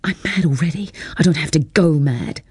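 A man reading an audiobook, voicing a grieving, bitter young woman in a breathy unvoiced whisper. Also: a little high, normal speed, no echo. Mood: cold, bitter.

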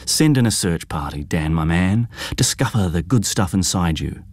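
A man's voice: low-pitched, animated, normal speed, no echo. A man reading aloud and voicing a brash, teasing young man with a mocking, theatrical manner.

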